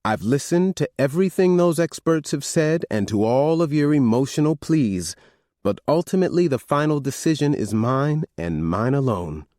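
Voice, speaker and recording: A man reading an audiobook, voicing an older mother who calmly and firmly lays down the law to her grown children. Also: medium pitch, moderate pace, no room sound, clean studio sound, pitched above the performer's own voice, close to an everyday voice. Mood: firm, commanding. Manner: firm, commanding, calm. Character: stern family matriarch, older woman.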